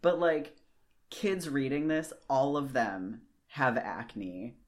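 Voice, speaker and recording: A podcast co-host in their thirties talks at an unhurried, drawn-out pace in a middle-pitched voice, speaking into their own microphone during a video call. They mull ideas over aloud, stretching words as they think, and turn heated when something bothers them. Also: animated. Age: 30s. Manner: slow and thoughtful, stretches words while thinking, gets riled up. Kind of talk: casual chat.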